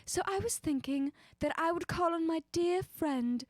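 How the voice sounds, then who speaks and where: A woman voicing a grand female magician in a put-on transatlantic accent, speaking in a lilting, theatrical, drawn-out way. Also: extremely high pitch, no echo, studio quality, pitched above the performer's own voice. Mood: grandiose. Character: grand female magician, old Hollywood airs.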